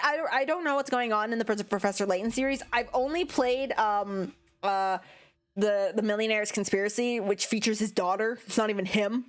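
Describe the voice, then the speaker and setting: A young woman from Canada, chatting casually on a game stream, excitable and laughing often. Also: medium pitch, fairly quick. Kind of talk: casual livestream chat.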